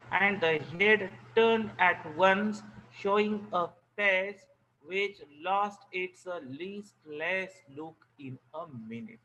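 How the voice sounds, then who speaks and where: Slow, bright-voiced teacher. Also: male voice, high voice, slight background noise, rough recording. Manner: reads a phrase, then explains words with Hindi glosses; repeats phrases slowly, stressing key words. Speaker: English teacher. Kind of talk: explaining a story line by line.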